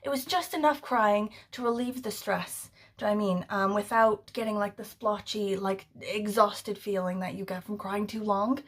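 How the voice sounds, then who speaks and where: A woman's voice: medium pitch, moderate pace, few pauses. A young adult woman chatting casually in a book vlog, rambling and full of fillers as she retells stories. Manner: rambling, filler-heavy, animated storytelling. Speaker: book vlogger.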